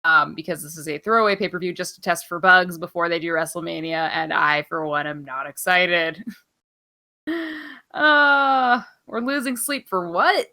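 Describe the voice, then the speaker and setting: A young woman co-hosts a wrestling podcast, chatting casually, playful and sarcastic, and swearing freely. Her voice is fairly low with a sharp tone at a moderate pace.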